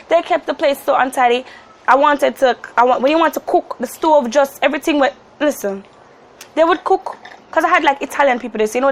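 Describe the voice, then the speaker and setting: High-voiced young Jamaican woman vlogger. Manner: animated, slips into Jamaican patois. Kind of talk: casual storytelling to camera.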